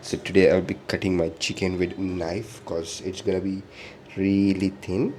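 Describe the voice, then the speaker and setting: Playful low-voiced man cooking. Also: level tone, moderate pace, darkish tone, a little hiss or hum. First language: Bengali. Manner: playful and self-amused, joking asides. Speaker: home cook vlogger. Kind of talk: casual cooking narration.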